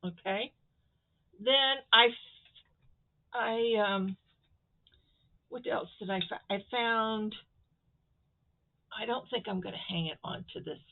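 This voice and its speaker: A woman's voice: on the high side, slow pace, creaky, long pauses. A woman from Florida chatting casually to her viewers as she shows off a sewing project, rambling and stopping to handle the fabric. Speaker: crafting vlogger. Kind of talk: casual craft show-and-tell. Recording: tinny phone-quality audio.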